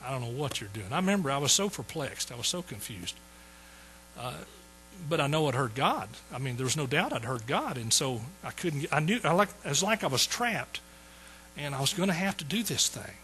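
A man's voice: mid-range voice, sing-song, fairly quick, sharp tone, a little hiss or hum, poor audio. A man in his sixties telling his conversion story in a folksy sermon, repeating phrases for emphasis. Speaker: preacher. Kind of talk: sermon testimony.

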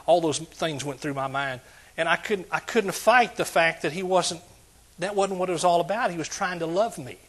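A male pastor delivers a sermon with a slightly raised pitch. His voice is husky and a little breathy. He talks straight to the congregation and often swells into loud exclamations. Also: moderate pace. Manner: preaching with call-and-response, rising to shouts.

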